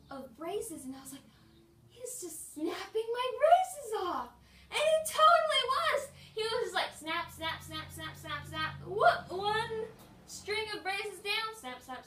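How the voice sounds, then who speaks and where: A woman's voice: on the high side, bright, forceful tone, distant mic. A woman vlogger telling a story to camera in a bubbly, chatty way, with lots of fillers. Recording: roomy sound from away from the mic.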